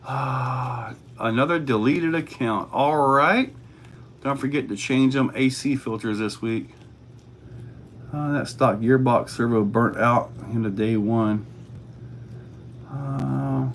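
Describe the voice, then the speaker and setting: A man's voice: on the high side, a bit bright. A man hosting a casual livestream, reading chat questions aloud and answering in a laid-back way.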